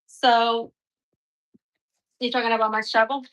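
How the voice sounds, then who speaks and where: A woman's voice: a little high, little pitch movement, unhurried, fairly bright tone. A woman hosting a casual live stream, chatting and rambling through stories as she shows her gear.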